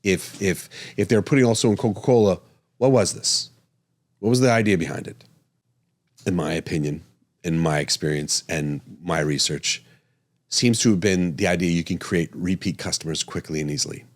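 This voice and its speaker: A man's voice: low-pitched, fairly even intonation, normal speed. A man hosting a podcast, talking casually and animatedly, chuckling and correcting himself as he goes. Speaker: podcast host and physician.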